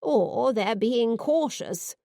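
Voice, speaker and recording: A woman's voice: fairly high pitch, expressive, slow pace, mellow, dry recording, clean studio sound. A woman voicing Narlene, a cautious elderly villager thinking aloud, in an audiobook. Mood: musing. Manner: cautious, musing.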